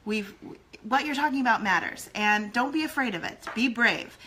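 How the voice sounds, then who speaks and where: A woman's voice: a little high, lively intonation, normal speed, sharp tone, a little hiss or hum, rough recording. A woman co-hosting a casual talk show about marriage, encouraging and teasing her co-host. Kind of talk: casual chat.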